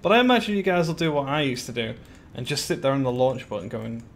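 A man's voice: mid-range voice, fast, a little hiss or hum. Chatty man streaming a building game. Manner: chatty, greets viewers by name, giggly asides. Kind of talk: casual live-stream chat while building.

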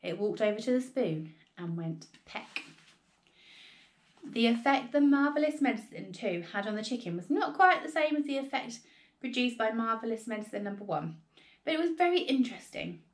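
A woman teacher reading a children's book aloud with expressive storytelling. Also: a little high, normal speed.

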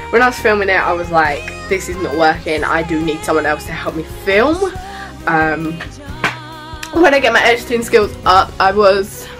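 A teenage girl, vlogging in a rambling, chatty way and calling people sweetheart and darling. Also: on the low side. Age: teens. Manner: rambling, jumps from subject to subject. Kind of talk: casual chatty vlog.

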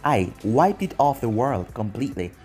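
A man's voice: mid-range voice, sing-song, normal speed, darkish tone, soft background music, voice pushed down, lightly acted. A man voicing a cruel, smug young male ninja who taunts his former friends with mocking chuckles.

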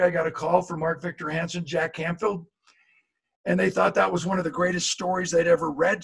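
Older american guy telling stories, husky gravelly voice, fairly high. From USA. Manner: dramatic, animated storyteller. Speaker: motivational speaker. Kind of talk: storytelling lecture on a video call.

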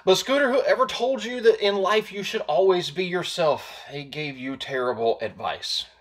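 A man's voice: sits high, normal speed. A man hosting his boat-building video, explaining results casually and then teasing commenters with jokes. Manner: joking, teasing, animated. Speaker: host and jon boat builder. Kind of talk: casual how-to video talk with a comment roast segment.

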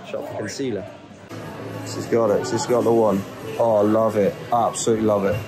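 Excitable young man, deep voice. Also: brisk, over music. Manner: excitable, swears casually. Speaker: travel vlogger. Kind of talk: casual vlog chat. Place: out and about on a city trip. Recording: noisy ambient background.

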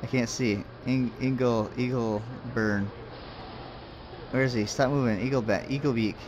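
A man's voice: medium pitch, steady tone, measured pace, muffled recording, noisy background. A man casually commenting as he plays a game, rambling and muttering to himself with jokes along the way. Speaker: let's play host.

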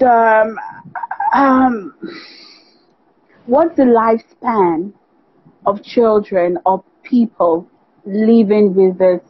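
A woman's voice: mid-range voice, slightly rough, lo-fi sound. A woman radio host asking interview questions, stammering and repeating words as she goes.

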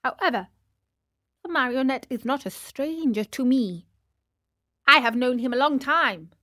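A woman voicing a stern, wise talking cricket in a storybook reading, scolding in a slow voice. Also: sits high, animated, pushed and bright, exaggerated voice.

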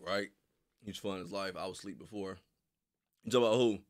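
A man's voice: low voice, a little fast. A man hosting a live stream in casual chat, laid-back and slangy, reading viewers' messages aloud.

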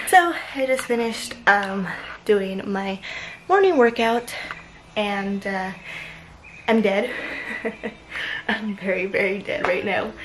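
A woman's voice: medium pitch, a little hiss or hum, low-quality recording. A young woman chatting casually and animatedly in a home vlog, swearing now and then. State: out of breath after a workout. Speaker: vlogger.

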